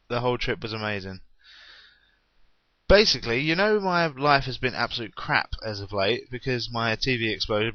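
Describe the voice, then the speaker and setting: A man's voice: lowish voice, muffled recording. A young man chatting unscripted in a rambling, self-deprecating way on his gaming vlog. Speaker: gaming vlogger.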